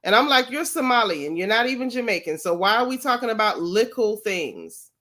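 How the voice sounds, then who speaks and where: A woman's voice: a little high, expressive, fast talker, sharp tone. A woman from Florida hosting a casual gossip vlog, chatty and mocking as she comments on clips.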